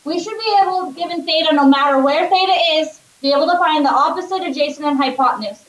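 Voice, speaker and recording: A woman math teacher lectures her class, upbeat and frequently checking in with students. Her voice is high-pitched and she talks fast. The recording catches her from a distance in an echoey classroom.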